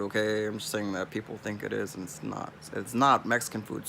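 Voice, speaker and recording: A man's voice: fairly low pitch, level tone, brisk, gravelly, hardly any pauses, sharp tone, slight background noise. A young man from California with a Californian accent, rambling in a laid-back, casual vlog monologue. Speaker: streamer.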